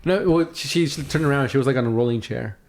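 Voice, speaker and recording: A young man co-hosting a podcast, telling a long, animated story full of swearing and acted-out voices. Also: mid-range voice, quick pace. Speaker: podcast co-host. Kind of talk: casual storytelling.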